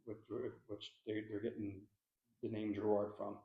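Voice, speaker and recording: Gravelly Philly paranormal investigator. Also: male voice, on the low side, moderate pace. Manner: animated, slangy, says "dude". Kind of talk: casual interview chat. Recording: echoey room, dull sound.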